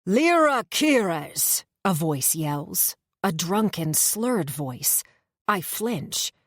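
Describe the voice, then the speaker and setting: A woman narrating a first-person romance fantasy audiobook in a measured, tense storytelling manner on a close studio mic. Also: low-pitched, lively intonation, slightly rough, no echo.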